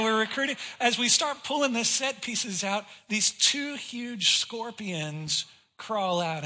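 A man preaching a sermon, telling stories with sudden swings between loud emphasis and hushed lines. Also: high voice. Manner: animated storytelling with sudden loud and hushed turns. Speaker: pastor.

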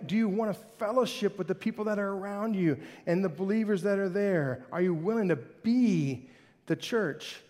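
A male pastor preaching a sermon with animated, conversational delivery that swings between loud and soft. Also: high-pitched. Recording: hall reverb.

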